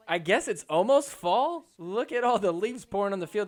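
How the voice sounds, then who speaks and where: A man with a slightly raised voice hosts a sports podcast and recaps matches play by play. He talks in a casual, excitable way and keeps throwing in jokes. It sounds like an easygoing solo recap. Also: high voice, a little fast, few pauses. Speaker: podcast host.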